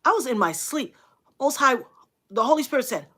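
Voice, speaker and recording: A husky-voiced middle-aged woman narrates a story on a livestream at a moderate pace, her pitch swinging widely. Earnest and dramatic, she repeats phrases to stress them and mimics what others said with sudden loud, high bursts.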